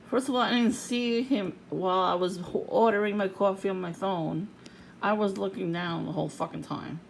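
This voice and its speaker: A woman ranting angrily to camera, swearing constantly and jumping to shouts and mocking sing-song. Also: medium pitch, gravelly, slight background noise, rough recording. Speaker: vlogger. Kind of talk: angry profane rant to camera.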